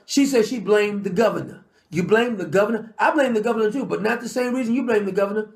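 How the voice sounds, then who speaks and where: A man delivering an angry, sarcastic commentary monologue, combative and at times shouting. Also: very high voice, fast talker, creaky, echoey room. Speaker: political commentator.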